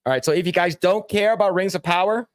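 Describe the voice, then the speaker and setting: A man with a somewhat high voice hosts a loose podcast chat. He laughs a lot and swears freely, and he acts out the scenes he describes. The sound is dry and close, with no room around it. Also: quick pace, dry recording. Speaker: podcast host. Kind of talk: casual chat.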